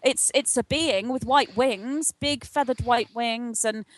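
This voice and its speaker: An older woman with a fairly high voice, a guest on a spiritual channel, earnestly and animatedly retells a personal story in an interview, slipping into the voices of the people in it. She speaks slowly, and the sound is dry and close, with almost no room and no echo.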